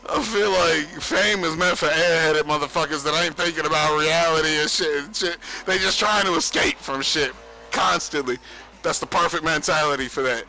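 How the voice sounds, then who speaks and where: A young man rambles on a livestream, swearing freely and boasting between bursts of laughter. His voice sits high and sounds bright and edgy. Faint music plays behind him. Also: normal speed, rough recording. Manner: profane, boastful, laughs often. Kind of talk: rambling casual stream monologue.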